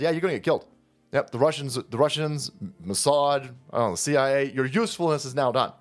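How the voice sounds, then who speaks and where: A man's voice: mid-range voice, animated, fast talker, soft background music. A man hosting a profane political rant, sarcastic and combative in manner. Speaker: political commentary host.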